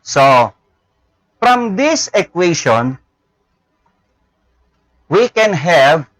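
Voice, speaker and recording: Filipino man, teacher, high voice, slow pace, dry classroom sound. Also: very animated, a bit bright, no echo, poor audio. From Philippines. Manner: repeats words, tag questions "no?" and "okay?". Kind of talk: classroom lecture.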